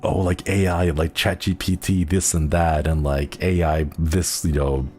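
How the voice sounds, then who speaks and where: A man's voice: low-pitched, fairly even intonation, normal speed, a little mellow. A young man streaming as a virtual idol, chatting casually in a rambling way full of fillers and giggly asides. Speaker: VTuber streamer. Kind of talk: casual chat.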